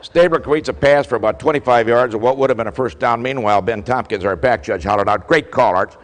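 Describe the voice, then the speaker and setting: Speaking fast in a mid-range voice, this older motivational speaker gives a keynote to a live crowd in a big hall. He animates his stories by acting out the back-and-forth dialogue, and the recording carries a long, echoing hall reverb.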